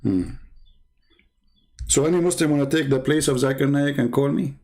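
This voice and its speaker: A man's voice: fairly high pitch, fairly even intonation, quick pace, a little mellow. A man hosting an online debate show, talking in a sarcastic, mocking monologue full of fillers and restarts.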